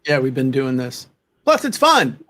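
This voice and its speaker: A man co-hosting a casual talk show, telling stories in an animated, folksy way. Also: medium pitch, a little slow. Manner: animated storyteller, folksy asides. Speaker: podcast co-host. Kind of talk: casual chat.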